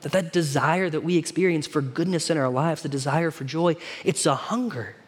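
A man's voice: a little high, moderate pace, breathy edge. A man preaching a sermon to his congregation in a casual, conversational way, often asking them questions. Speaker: pastor. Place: church hall.

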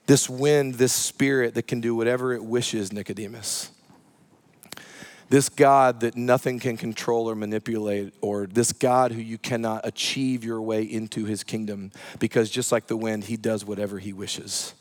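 A male pastor preaching in a loose, conversational manner. He retells a story with animated asides and a mid-range voice. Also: medium pitch, moderate pace, hardly any pauses. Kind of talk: sermon.

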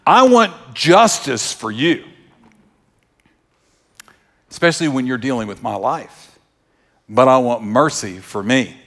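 A man's voice: mid-range voice, expressive, slow pace, pauses often, a bit bright. A man preaching a sermon as pastor, conversational and joking as he tells stories.

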